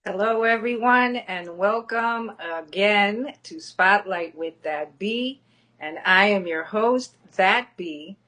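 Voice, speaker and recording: Slow-talking woman podcast host. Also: mid-range voice, pushed and bright. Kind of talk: casual interview chat.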